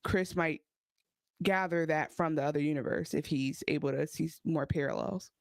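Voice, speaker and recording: A woman's voice: low voice, normal speed, creaky, no echo. A woman co-hosting a podcast, chatting casually and giving her opinions on an episode. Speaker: podcast co-host. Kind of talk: casual recap chat.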